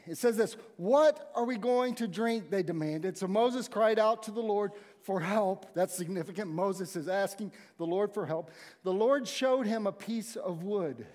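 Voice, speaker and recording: Animated preacher, high voice. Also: male voice, normal speed. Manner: conversational, animated storytelling with acted-out quotes. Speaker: pastor. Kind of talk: sermon. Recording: long hall reverb.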